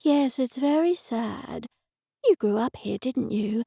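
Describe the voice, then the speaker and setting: A woman voicing a stressed middle-aged waitress who talks in a hushed, confiding way. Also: on the high side, lively intonation, takes it slowly, gravelly, slightly rough, no room sound, studio quality, heavily acted.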